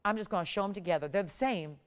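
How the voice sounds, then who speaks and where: Smooth-voiced woman hosting a jewelry sales show. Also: medium pitch, quick pace. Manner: upbeat, pushy salesy patter. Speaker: shopping channel jewelry host. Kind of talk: live TV sales pitch.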